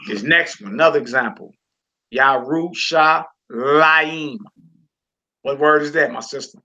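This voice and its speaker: Gravelly guy teaching a laid-back lesson, punchy voice, slow repeats of every word, muffled lo-fi sound. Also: medium pitch, pushed and bright. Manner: repeats and slowly drawls each word. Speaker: Hebrew teacher. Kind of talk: casual homeschool lesson.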